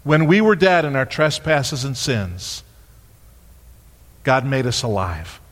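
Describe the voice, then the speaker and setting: A man preaching a sermon as a pastor, telling stories with lively acted-out voices. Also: mid-range voice, slow pace. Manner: animated storytelling, acting out voices. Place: church sanctuary. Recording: long hall reverb.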